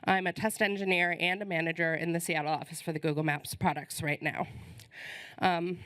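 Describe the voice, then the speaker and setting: A woman's voice: sits low, flat delivery, fast talker, fairly bright tone. A woman hosting a conference, giving friendly, informal welcome announcements with many ums while she is losing her voice, on a stage microphone in a conference hall. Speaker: conference host.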